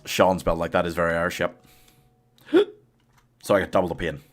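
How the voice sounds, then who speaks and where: A man's voice: low voice, level tone, fairly quick. A man streaming a game live, chatting casually with his chat, laughing often and coaxing his companion along. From United Kingdom.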